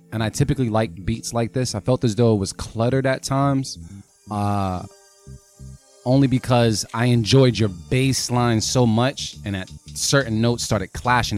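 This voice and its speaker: A man co-hosting a podcast, giving frank, relaxed feedback on beats with plenty of fillers. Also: mid-range voice. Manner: laid-back, frank critique with fillers. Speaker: podcast co-host reviewing beats. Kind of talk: casual chat.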